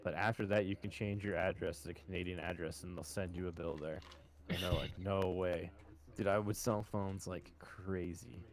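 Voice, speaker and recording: Man, low deep voice, casual podcast chat, swears, storytelling. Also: fairly even intonation, moderate pace. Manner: swears a lot, storytelling, calls listeners boys. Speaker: podcast co-host.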